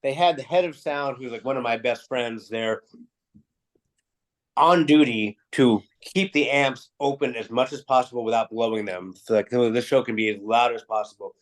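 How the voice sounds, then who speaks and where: A man's voice: mid-range voice, moderate pace. Guy telling wild backstage stories, does everyone's lines, cusses freely. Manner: animated anecdotes, acting out quoted dialogue, frequent swearing. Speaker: guest, music promoter. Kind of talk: casual storytelling interview.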